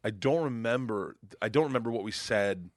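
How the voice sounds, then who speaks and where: A middle-aged male comedian telling wild road stories in casual chat, profane and rowdy, loudly acting out the people in them. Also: mid-range voice, moderate pace, dry recording, studio quality. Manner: profane, rowdy storyteller who acts out voices loudly. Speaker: comedian guest.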